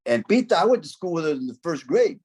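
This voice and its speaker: A man's voice: a little high, very animated, fast, a little mellow, slightly rough. A middle-aged man from Central California, a former gang member, telling stories in a casual, profane, streetwise way and dropping in Spanish slang. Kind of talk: casual storytelling.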